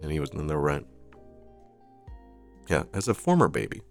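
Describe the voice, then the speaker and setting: A man with a very low voice runs a live stream of political news commentary. He reads headlines aloud and breaks off into sarcastic, profane asides. Soft music plays faintly behind him. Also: very animated, moderate pace, vocal fry. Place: streaming setup.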